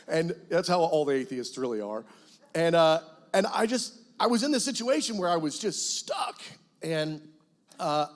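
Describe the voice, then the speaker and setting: Pastor, male, slightly high voice, lively testimony sermon with jokes. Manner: animated storytelling, acts out his past self, jokes with the congregation. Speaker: guest pastor.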